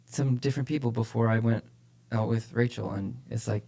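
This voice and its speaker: A man's voice: mid-range voice, fairly even intonation, fairly quick, gravelly, mellow. A man co-hosting a church podcast, talking casually and with energy about faith, often repeating phrases for emphasis. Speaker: podcast co-host, church leader.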